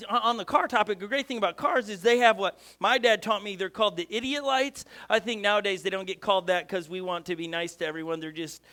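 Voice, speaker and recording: A middle-aged pastor tells a story from the pulpit in a high, bright, forceful man's voice. He is an animated storyteller who keeps checking in with his listeners with asides like "okay?" and "right?". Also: fast talker, hardly any pauses. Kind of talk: sermon with personal story.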